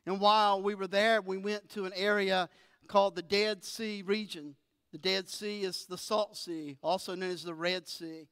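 A woman pastor preaching a sermon and reading scripture with expressive emphasis, in a church sanctuary with a few people present. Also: mid-range voice, normal speed, smooth, dry recording, clean studio sound, big-room sound. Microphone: filmed for an online service.

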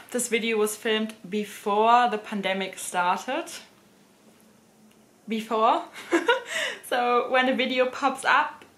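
A woman's voice: fairly high pitch, fairly bright tone. Giggly woman with a German accent. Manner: laughs and giggles often. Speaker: luxury fashion vlogger. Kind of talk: casual chat to camera. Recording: roomy echoey room.

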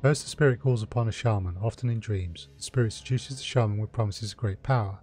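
A man's voice: lowish voice, quick pace, a little mellow, a little hiss or hum, natural voice. A man voicing a flamboyant, theatrical male elf who lectures with wry mockery. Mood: lecturing.

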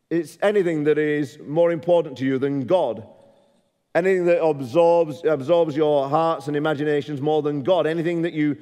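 Male preacher, slightly high voice, emphatic sermon, long church reverb. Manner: emphatic, rising to forceful peaks; asks the congregation direct questions.

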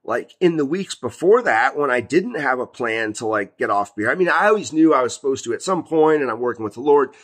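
A man in his late thirties with a husky, breathy voice, telling a personal story to camera. He rambles loosely and repeats himself with plenty of fillers, at an ordinary middle pitch. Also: animated, a little fast, few pauses, fairly bright tone. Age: 30s. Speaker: Christian video host. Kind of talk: casual spoken testimony.

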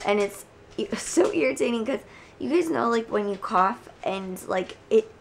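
A young woman vlogging casually at home, hoarse from a cold and chatting with lots of fillers. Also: a little high, lively intonation, normal speed, slight background noise. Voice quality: gravelly. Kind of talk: casual chat to camera.

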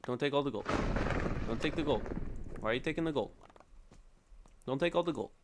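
A man's voice: medium pitch, animated, fairly quick, heavy background noise. A young man live-streaming a video game, chatting and joking casually with viewers, yelping and pleading when he is in trouble. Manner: jokey, playful, yelps and pleads when in danger. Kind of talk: casual live-stream chat while gaming.

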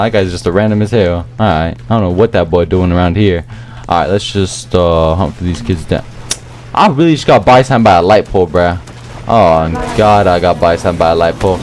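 A young man commenting on his own gameplay, talking in slangy, excitable, rambling trash talk. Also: low voice. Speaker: gaming YouTuber.

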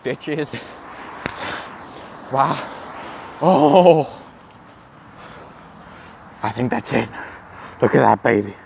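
A man doing a comedic walking vlog outdoors, gasping and swearing in awestruck excitement. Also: medium pitch, extremely slow, gravelly, pauses often, slight background noise. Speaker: comedic vlogger in character. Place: outdoors, walking around a campus. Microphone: handheld camera.

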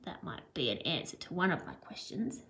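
A woman's voice: sits low, sing-song, a little fast, gravelly, fairly bright tone. Woman teacher musing aloud over a story. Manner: musing, thinking aloud with hmm. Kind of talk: reading a picture book aloud and modeling questions.

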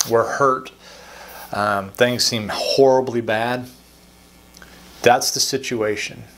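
A man, an associate pastor, giving an earnest, unhurried devotional sermon and repeating key phrases for emphasis. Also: medium pitch, fairly bright tone, poor audio.

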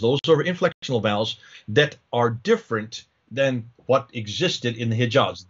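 A man lectures from slides in a mid-pitched voice, explaining step by step and asking rhetorical questions. He often restarts his sentences. The recording sounds somewhat dull and lo-fi. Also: fairly bright tone, breathy edge.

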